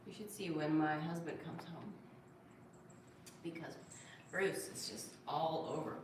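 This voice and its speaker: In a low, slightly slow voice, a livestream host reads out viewer comments and coos over her cat during a relaxed stream. There's a little background noise, and the distant mic picks up a very echoey room and faint ambience.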